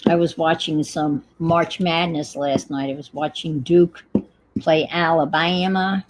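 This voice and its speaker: A woman's voice: sits low, fairly even intonation, unhurried, background noise. A woman with a New York accent chatting casually and thinking aloud while she crafts at home on a livestream.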